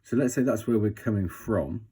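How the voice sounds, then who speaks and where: A British man with a croaky voice, rambling and chuckling as he gives a casual oracle card reading. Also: fairly low pitch, moderate pace, mellow. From Britain. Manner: rambling, chuckling between thoughts.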